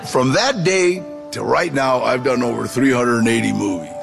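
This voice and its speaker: A man telling his life story to an audience, lively and acting out the voices of the people in it. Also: medium pitch, normal speed, loud music behind the voice. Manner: animated, gravelly storyteller who acts out quoted voices. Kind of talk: storytelling talk.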